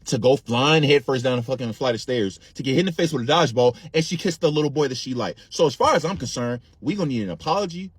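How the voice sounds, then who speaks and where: A man voicing a brash middle-aged aunt, a former cop, who curses and shouts demands. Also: medium pitch, fast, few pauses, husky, dry recording, close to an everyday voice. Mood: threatening.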